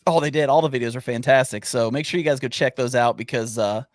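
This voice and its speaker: A man's voice: mid-range voice, fast, no echo, clean studio sound. A man co-hosting a backpacking podcast livestream, talking in an upbeat, rambling, casual way and hyping up his guest. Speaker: podcast co-host.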